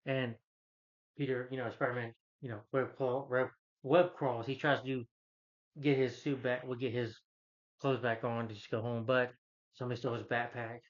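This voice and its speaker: A man giving a casual, rambling movie review, retelling the plot with many fillers and putting on higher voices for the characters. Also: flat delivery, moderate pace, dull audio. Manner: loose, filler-heavy retelling that jumps up in pitch for quoted characters.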